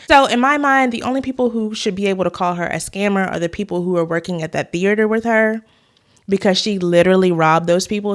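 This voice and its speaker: On her YouTube commentary vlog, a woman whose voice is on the low side and fairly bright speaks conversationally, sharing her opinions straight to the audience.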